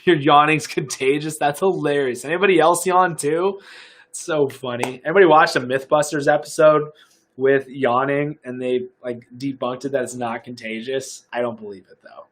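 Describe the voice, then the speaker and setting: A young adult man, a fitness coach from the United States, chatting casually and upbeat on a live stream, rambling with fillers and restarts while pitching a product. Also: steady tone, moderate pace, a bit bright.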